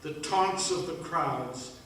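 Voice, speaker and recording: A man delivering a slow, solemn first-person dramatic monologue in a church service, with hushed pauses. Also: a little high, a little hiss or hum. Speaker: worship leader. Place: church sanctuary. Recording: echoey room, mic at a distance.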